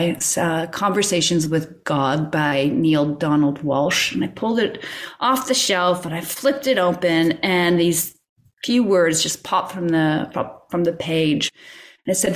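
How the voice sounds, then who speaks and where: A middle-aged woman telling a personal story as a podcast guest, acting out her own inner dialogue and often laughing. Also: lowish voice.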